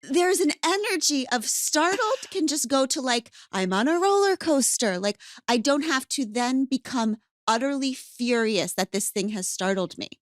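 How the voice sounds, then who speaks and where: A woman hosting a podcast in casual chat, animated and playful, acting out her stories. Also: high voice, normal speed, hardly any pauses, no room sound, clean studio sound. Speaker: podcast host.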